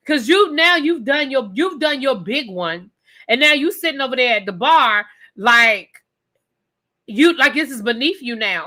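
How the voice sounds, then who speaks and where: Woman going off on a reality show episode, bright high voice, blunt and cussing. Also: moderate pace. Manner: blunt, profane, animated ranting. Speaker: reality TV reviewer. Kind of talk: live rant review.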